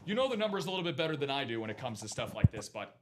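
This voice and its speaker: A man's voice: mid-range voice, big pitch swings, rapid-fire, noisy background. Upbeat man hosting a card break. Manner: upbeat, hyping deals to viewers. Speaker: host of a live card break stream. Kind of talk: casual sports chat and sales pitch.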